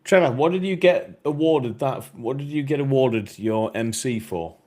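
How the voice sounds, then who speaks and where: Reading chat on his live podcast stream, this British-accented host keeps things casual, hesitant and relaxed, with plenty of filler words. He has a medium-pitched, expressive voice with a darkish tone and speaks at a normal speed.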